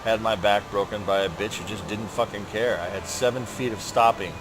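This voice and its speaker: A man's voice: fairly low pitch, steady tone, brisk, noisy background. Profane, ranting man in a gaming vlog. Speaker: gaming channel host. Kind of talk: rambling personal update while gaming.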